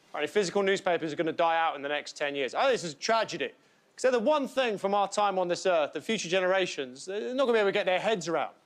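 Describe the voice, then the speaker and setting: A man's voice: high voice, a bit bright. A man doing a stand-up routine on a studio stage, incredulous, acting out imagined exchanges. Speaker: comedian.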